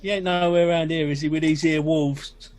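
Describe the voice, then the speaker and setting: A burly, brash bruiser who blusters in rough slang, as a man acts him out in a tabletop game. His voice is raised fairly high for a man and is pushed loud and hearty. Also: flat delivery, normal speed, close to an everyday voice. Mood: indignant. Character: big brash burly man, mistaken for a troll.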